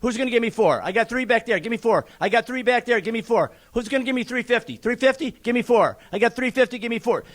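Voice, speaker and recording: A man running a live charity auction, teasing the crowd and calling bids quickly. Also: very high voice. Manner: joking, teasing, rapid bid calling.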